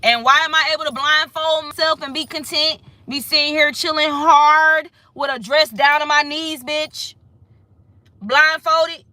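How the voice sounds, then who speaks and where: Sassy, high-voiced woman reading tarot. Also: steady tone, a little slow, pushed and bright, no echo. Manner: sassy, emphatic, profane, repeats phrases. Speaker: tarot reader. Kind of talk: casual tarot reading vlog.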